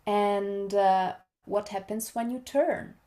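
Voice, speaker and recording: Slow, calm woman coaching voice. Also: mid-range voice. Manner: slow, calm, exploratory speech. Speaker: guest voice and body coach. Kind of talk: reflective podcast conversation.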